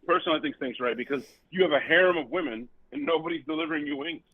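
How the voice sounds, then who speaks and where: A man co-hosting a podcast in loud, crude banter, telling stories with lots of swearing and laughter. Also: on the high side, very fast, over a noisy crowd. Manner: loud, profane, laughing, animated storytelling. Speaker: podcast co-host. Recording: dry tinny phone-like audio.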